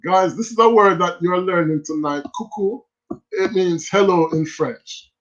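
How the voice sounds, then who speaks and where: High-voiced Jamaican man hosting a live chat. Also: unhurried, lo-fi sound. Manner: animated, switches into patois, reads viewer messages aloud. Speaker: livestream host. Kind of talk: casual livestream chat reading comments.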